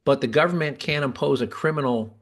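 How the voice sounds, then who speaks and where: A man's voice: fairly high pitch, brisk, slight background noise. Chatty man hosting a podcast. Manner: chatty, restarts often while explaining. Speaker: podcast host. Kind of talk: casual talk.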